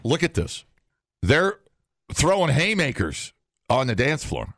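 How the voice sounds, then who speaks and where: Male radio host, sarcastic, lively up-and-down delivery, dry close sound. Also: medium pitch, slow pace, no echo. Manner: wisecracking, sarcastic, reads news items aloud. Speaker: morning radio show host. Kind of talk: casual comedic radio banter.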